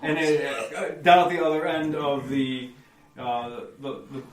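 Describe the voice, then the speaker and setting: A man's voice: medium pitch, measured pace, roomy sound, far from the mic, crowd noise. A man narrating as game master, rambling and correcting himself as he describes the scene. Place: theater stage.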